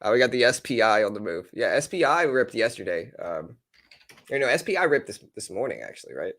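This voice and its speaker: A man's voice: fairly low pitch, big pitch swings, a little fast, a bit bright. A man hosting a live trading stream, talking through stock moves and chatting casually with viewers. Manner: casual, talks straight to chat viewers. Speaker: livestream trading host. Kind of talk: live stock market commentary.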